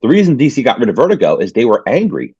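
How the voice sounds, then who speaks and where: A man's voice: medium pitch, wildly swooping pitch, fast, dark tone, breathy edge, no room sound. A man co-hosting a comics podcast in casual conversation, talking with hesitant restarts. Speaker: podcast co-host. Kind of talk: casual chat. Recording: dull lo-fi mic.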